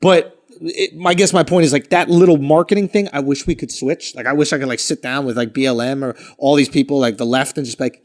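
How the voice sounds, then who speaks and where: A man's voice: medium pitch, quick pace, few pauses. A man co-hosting a podcast in casual chat, arguing his point at length in a blunt, profane way. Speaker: podcast co-host.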